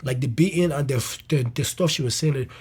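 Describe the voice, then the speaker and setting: A young man, a comedian guest, telling a personal story in an interview, animated and loose, with swearing and restarts. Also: medium pitch, fairly quick, breathy edge.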